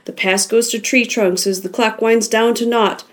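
Audiobook figure: loud, excited male rugby announcer, voiced by a woman narrator, pitched up. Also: measured pace, natural voice. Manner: hollering play-by-play.

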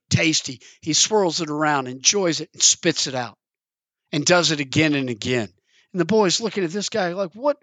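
Earnest guy preaching, kinda high voice, dry close sound, tells stories. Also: a bit bright, dry recording. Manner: earnest, storytelling, acts out the characters in pitch. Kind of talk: sermon with a told parable.

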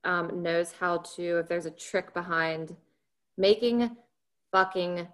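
A woman's voice: lowish voice, slow pace, a bit bright. A woman co-hosting a casual podcast, blunt and casually swearing. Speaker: podcast co-host. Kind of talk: casual chat.

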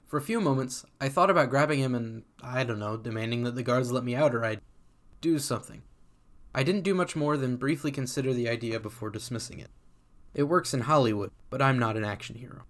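A man's voice: medium pitch, brisk. A man reading a first-person story aloud in a casual, sardonic voice that swears freely. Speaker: community reader.

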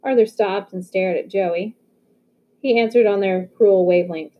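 A woman reading a novel aloud in a steady storytelling manner. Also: medium pitch, a little slow. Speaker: audiobook reader. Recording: phone-like narrow audio.

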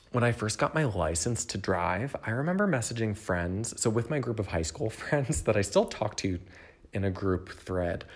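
A young adult man hosting a podcast from home, thinking aloud in a candid, rambling way and speaking straight to the listener. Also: lowish voice. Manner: addresses the listener directly. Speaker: podcast host. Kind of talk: casual solo reflection.

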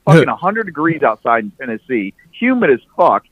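A man's voice: medium pitch, brisk, dry recording, lo-fi sound. Guy spinning a wild story, voice jumping all over, swears a lot, dry close mic. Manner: animated, profane, restarts often. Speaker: podcast guest. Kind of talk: casual storytelling.

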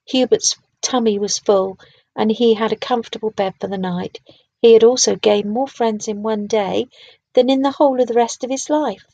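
A woman reading a children's storybook aloud in a gentle, unhurried way and talking to her listeners. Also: on the high side, steady tone, no echo, dull audio.

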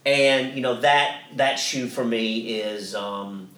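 A man's voice: mid-range voice, slow, a bit bright, roomy sound, far from the mic. A man co-hosting a podcast, telling a story in a casual, rambling way with many restarts and some swearing. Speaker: podcast co-host.

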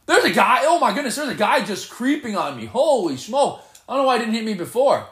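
A man giving live gameplay commentary, excitable and playfully boastful as he trash-talks. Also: very high-pitched, a little fast, reverberant. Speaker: gamer.

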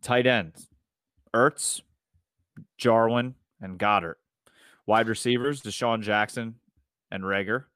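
A man's voice: lowish voice, takes it slowly, long pauses, a bit bright, no room sound, studio quality. A married man co-hosting a casual sports podcast, telling stories in a laid-back way. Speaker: podcast co-host.

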